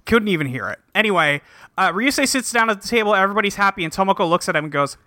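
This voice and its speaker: A man's voice: sits high, lively intonation, rapid-fire, pushed and bright, no room sound, studio quality. A man co-hosting a podcast, recapping an episode casually, with lots of fillers and laughs. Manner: laughing, filler-heavy storytelling. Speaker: podcast co-host.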